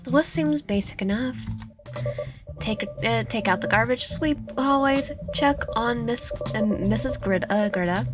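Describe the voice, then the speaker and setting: A woman reading a visual novel aloud in first person, expressive, with stumbles and asides. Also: a little high, measured pace, over music. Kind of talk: dramatic game read-through with asides.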